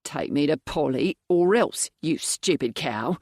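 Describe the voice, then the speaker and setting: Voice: medium pitch, expressive, unhurried, darkish tone, dry recording, clean studio sound. A narrator voicing a threatening male thug making blunt demands in an audiobook. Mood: menacing. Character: menacing male thug with a knife.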